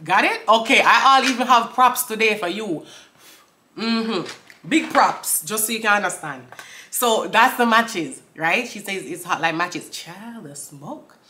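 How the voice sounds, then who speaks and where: A woman breaking down song lyrics for viewers, laughing often and reading lines out slowly before explaining them. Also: medium pitch, lively intonation, pushed and bright, a little hiss or hum. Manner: talks straight to viewers, asks for comments. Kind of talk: casual chat.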